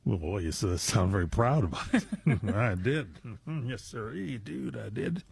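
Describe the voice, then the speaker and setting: A man's voice: fairly low pitch, lively intonation, measured pace, creaky, husky, no room sound. An older man hosting a radio show in casual, rambling chat full of fillers and jokes, recorded on a studio mic. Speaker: radio host. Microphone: studio microphone.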